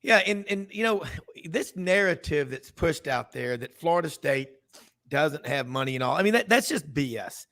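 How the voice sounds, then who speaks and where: A sports radio host talks in a rambling, chatty way, piling up asides and restarting his sentences. His voice sits fairly high for a man. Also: expressive, moderate pace, gravelly, fairly bright tone. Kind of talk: casual sports talk.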